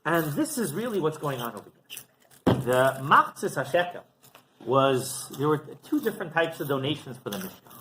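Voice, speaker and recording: A man's voice: fairly high pitch, moderate pace, background noise. A male rabbi giving a Torah class, telling stories animatedly and often checking in with "right?". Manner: animated storytelling with frequent "right?".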